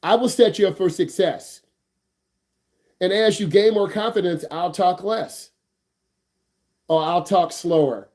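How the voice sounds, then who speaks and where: Man, driving instructor, high voice, hyped, slangy, repeats questions, jokey. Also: unhurried, long pauses, a little mellow. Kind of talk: energetic online class teaching.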